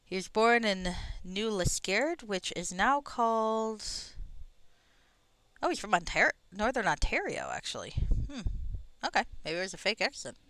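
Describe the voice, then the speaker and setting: Chatty, bright-voiced woman streamer. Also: medium pitch, very animated, a little slow, no room sound. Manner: chatty, tangents, swears, laughs at herself; audible breathing into the mic. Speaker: streamer playing a game. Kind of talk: casual rambling chat. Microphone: close microphone.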